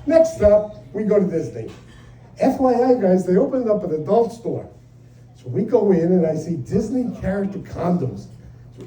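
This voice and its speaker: A man's voice: sits high, big pitch swings, normal speed, pauses often, mellow. An older man doing a stand-up set, telling profane, exasperated stories about married life. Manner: brash, profane, exasperated storytelling. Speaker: stand-up comedian. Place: comedy club stage. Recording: roomy live club sound from a distant mic. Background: audience laughter.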